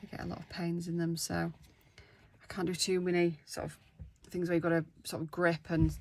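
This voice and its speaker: Chatty woman with a gravelly voice. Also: on the low side, level tone, normal speed, a little mellow. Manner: chatty and self-deprecating, talks to viewers while working. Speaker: craft vlogger. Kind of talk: casual craft-along chat.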